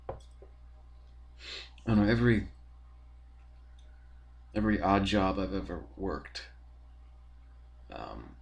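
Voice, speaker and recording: A young man, talking in a rambling, profane, casual monologue full of fillers as a podcast host. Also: on the low side.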